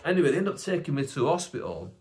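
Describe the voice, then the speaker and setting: A man's voice: on the high side, rapid-fire. A young man with a Bolton accent, a stand-up comedian telling funny stories from his childhood on his podcast in a loose, chatty way. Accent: Northern English, Bolton. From England. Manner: animated, acts out family voices, chatty asides to the viewer. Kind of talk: casual comic storytelling.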